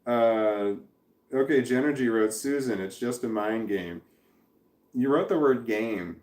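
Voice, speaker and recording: A man's voice: medium pitch, measured pace, darkish tone. A man in his forties hosting a casual livestream and reading viewer comments, rambling, swearing and interrupting himself. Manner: rambling, profane, self-interrupting. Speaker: livestream host. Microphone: camera in front. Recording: roomy echo.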